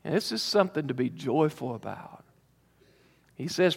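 A man preaching a sermon as pastor, emphatic and drawn out, with pauses to let points sink in. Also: a little high, animated, vocal fry, breathy edge, long reverb tail.

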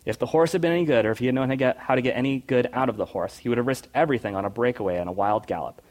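Soft-spoken man reading a story aloud. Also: mid-range voice, very fast. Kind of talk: storybook reading and devotional talk.

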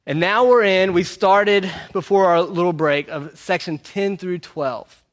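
A man's voice: high-pitched, unhurried. A man preaching a sermon in a conversational way, repeating his key phrases. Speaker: pastor. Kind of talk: sermon teaching through a book.

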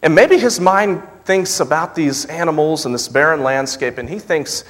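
A young man preaching a sermon, moving between loud, emphatic scripture reading and soft, intimate asides. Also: on the high side, moderate pace, hardly any pauses. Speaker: pastor. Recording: long reverb of a large hall.

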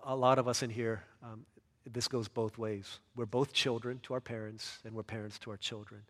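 A man's voice: mid-range voice, little pitch movement, moderate pace. Earnest male pastor in a reverberant hall. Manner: earnest, builds to loud emphatic peaks then drops soft. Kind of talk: sermon.

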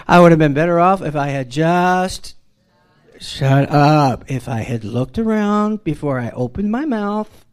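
A middle-aged man tells a self-deprecating personal story in a casual, conversational way. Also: a little high. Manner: wry, self-deprecating, conversational with frequent restarts. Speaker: father telling a personal story.

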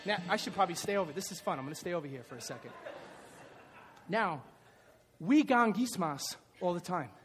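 A middle-aged male pastor preaching a lively sermon, shouting at the peaks and joking in playful asides. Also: sits high, brisk, pauses often, a little hiss or hum. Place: church. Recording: reverberant church hall.

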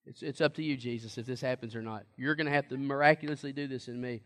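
A man's voice: medium pitch, steady tone, a little fast, fairly bright tone. A man preaching a sermon in a conversational, emphatic way and asking the congregation questions.

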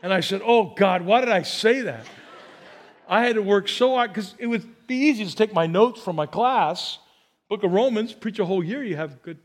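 High-voiced humorous male pastor. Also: fairly quick. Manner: humorous, animated, chuckling asides. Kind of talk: storytelling sermon.

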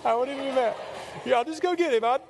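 A man's voice: extremely high pitch, quick pace, creaky, a little hiss or hum, pitched above the performer's own voice. A man voicing a frantic, tearful woman who pleads breathlessly with a stranger, rambling as she begs for answers. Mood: frantic pleading. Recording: long hall reverb.

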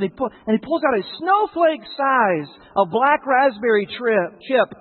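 A man's voice: very high-pitched, expressive, normal speed, hardly any pauses, big-room sound, phone-quality sound. A male pastor preaching a sermon, telling stories with jokes for the congregation.

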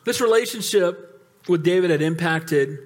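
High-voiced male preacher calling for amens. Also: normal speed. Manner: animated storytelling with calls for amen. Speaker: pastor. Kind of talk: sermon.

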